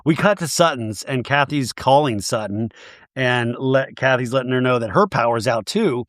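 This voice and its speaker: A man hosting a comedic podcast recapping reality TV, rambling and animated with jokey asides. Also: medium pitch, normal speed, no echo, clean studio sound. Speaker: podcast host.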